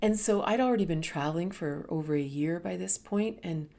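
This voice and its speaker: A middle-aged woman telling a personal story, animated and dropping to whispers for emphasis. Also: on the low side, brisk, vocal fry. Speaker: host.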